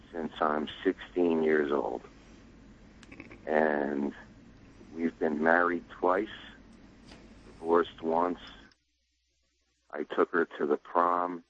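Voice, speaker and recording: A man calling in to a radio show, with a very deep voice and a slow, earnest delivery. The line sounds dull and muffled. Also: steady tone, slight background noise. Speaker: caller. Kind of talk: phone-in chat.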